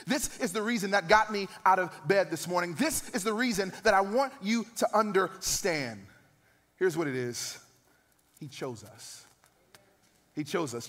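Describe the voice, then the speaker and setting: A man in his thirties, a pastor, preaches a sermon in a high-sitting voice with a big-room sound. His delivery is emphatic, building to loud, rising peaks.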